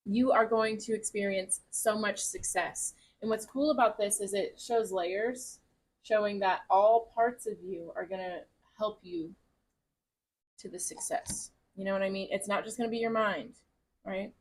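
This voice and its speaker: A woman's voice: mid-range voice, measured pace, slight background noise. A woman giving a casual tarot reading to camera at home, gushing, chatty and encouraging, with the odd swear word. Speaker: tarot reader.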